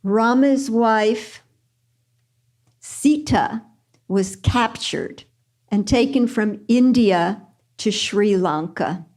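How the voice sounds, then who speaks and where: An older woman, a spiritual teacher, answering questions at a retreat. She tells stories gently and earnestly and repeats phrases for emphasis. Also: medium pitch. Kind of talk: spiritual Q&A talk with storytelling.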